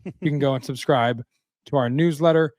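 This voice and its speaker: A man's voice: fairly high pitch, moderate pace, darkish tone, dry recording. Joking man podcast co-host, dry sound. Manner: jokey, tells dad jokes. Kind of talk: casual podcast chat.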